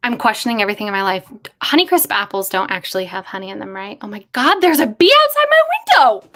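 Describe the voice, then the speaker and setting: Casual streamer, young woman, muses aloud, bursts of excitement, chatty. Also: medium pitch, fast. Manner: musing, excitable, thinking aloud. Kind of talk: casual livestream brainstorming.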